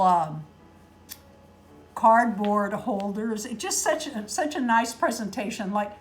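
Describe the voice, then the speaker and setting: Unwrapping handmade dolls she received as gifts, a middle-aged woman on a casual vlog exclaims and gushes frequently, at times flustered and emotional to the point of choking up. She speaks in a fairly bright, slightly high voice.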